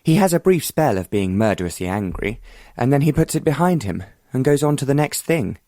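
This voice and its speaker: A man voicing a bold, determined young woman who speaks frankly and confidingly, in a mid-pitched voice with little room sound. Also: big pitch swings, fairly quick, darkish tone, no echo, clean studio sound.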